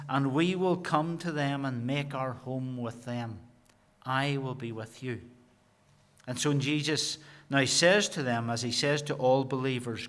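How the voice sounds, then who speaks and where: A man preaching a sermon, slowing down and stressing key phrases, sometimes repeating words. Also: medium pitch, fairly bright tone.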